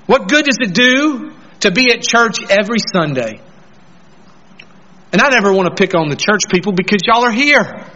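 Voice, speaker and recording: A pastor preaching a sermon, earnestly putting questions straight to the congregation. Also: male voice, high voice, lively intonation, normal speed, sharp tone, highs cut off.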